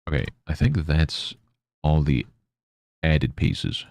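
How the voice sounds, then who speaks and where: Very deep, gravelly-voiced man streaming. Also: slow pace, darkish tone, no room sound, clean studio sound. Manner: mutters to himself while working, mock-scolds his pet. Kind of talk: casual live-stream chatter.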